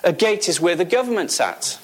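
High-voiced emphatic male preacher. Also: very animated, fairly quick. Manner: emphatic, repeats key phrases, asks the audience questions. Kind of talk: sermon.

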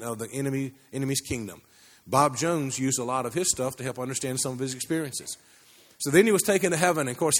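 A man preaching a sermon, telling a story with many restarts and climbing pitch as he builds. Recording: long hall reverb.

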